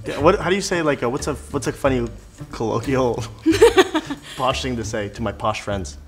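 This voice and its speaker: A man's voice: mid-range voice, wildly swooping pitch, normal speed. American guy goofing around trying accents, light music behind. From United States. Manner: playful, laughs at himself. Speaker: host. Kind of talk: casual chat, practicing accents.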